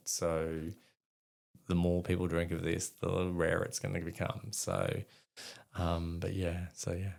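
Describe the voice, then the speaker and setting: A man's voice: low voice, gravelly. A middle-aged Australian man telling rambling, profane stories about his past as a guest in an interview, laughing at himself. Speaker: guest, army veteran. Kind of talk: casual storytelling in an interview.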